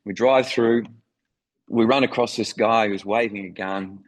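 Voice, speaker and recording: A man's voice: lowish voice, fairly even intonation, unhurried, rough recording. A middle-aged man from Australia with an Australian accent, a former foreign correspondent telling vivid stories with enthusiasm in an interview. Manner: enthusiastic, vivid anecdotal storytelling. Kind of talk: storytelling interview.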